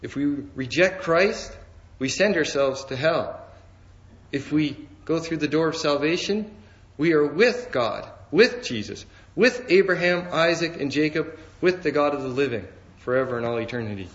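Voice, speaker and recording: A man preaching a sermon in a measured, emphatic way, slowing down to stress key phrases. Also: fairly high pitch, expressive, lo-fi sound.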